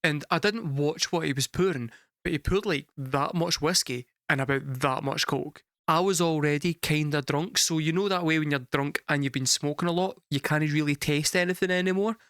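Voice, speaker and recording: A young Scottish man telling a story casually to a live chat, animated and swearing freely, laughing through the punchlines. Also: on the high side, moderate pace, no echo, clean studio sound. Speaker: music reaction streamer.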